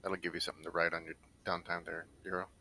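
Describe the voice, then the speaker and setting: A very deep male voice that talks quickly. He chats casually during a game raid and passes along helpful tips. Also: little pitch movement, sharp tone, slightly rough. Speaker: raid member.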